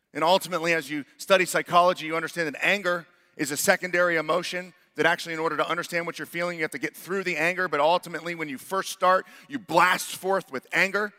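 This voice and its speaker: A man's voice: fairly high pitch, sharp tone, long reverb tail. A man preaching a sermon as pastor, earnest, building to emphatic rhetorical questions.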